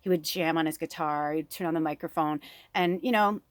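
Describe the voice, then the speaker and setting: A woman's voice: sits low, brisk, dry recording. A middle-aged woman, a spiritual medium, chatting in a rambling, candid way, swearing freely and laughing often. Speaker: spiritual medium and oracle reader. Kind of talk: rambling personal chat.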